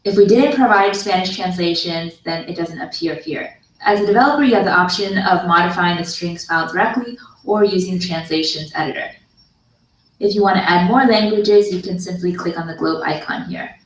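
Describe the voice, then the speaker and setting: Woman, scripted coding tutorial narration, calm and explanatory, slightly low voice, roomy echo, heard from across the room. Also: a little fast. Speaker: online course instructor. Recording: video played into a room, heard from far.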